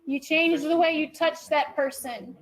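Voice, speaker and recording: A woman teaching a class, her voice sitting very high. She lays out each point step by step and keeps asking "okay?" to check the room is with her. When students chatter she turns firm and calls them to order. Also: steady tone, unhurried, low-quality recording. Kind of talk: classroom lecture.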